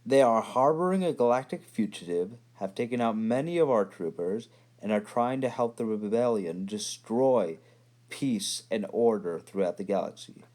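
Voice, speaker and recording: A man's voice: on the low side, animated, normal speed, darkish tone, close to an everyday voice. A man voicing a cold, commanding female captain in armor, speaking in a clipped, formal way.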